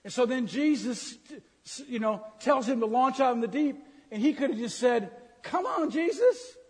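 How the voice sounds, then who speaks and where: A man's voice: very high-pitched, normal speed, slightly rough. A man preaching a humorous sermon, teasing the congregation and acting out grumbling complaints. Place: church sanctuary. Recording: reverberant church hall.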